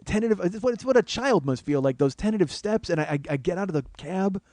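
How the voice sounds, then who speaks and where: A man's voice: sits high, expressive, fast, darkish tone, no room sound. A man hosting a comedy podcast, telling a rambling, profane, self-mocking personal story.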